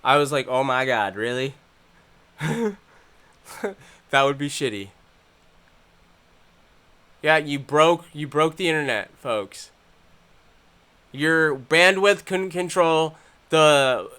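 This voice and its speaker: A young man hosting a live stream, talking in a profane, rambling way that swings from loud angry ranting to low, muttered talk. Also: smooth. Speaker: channel host.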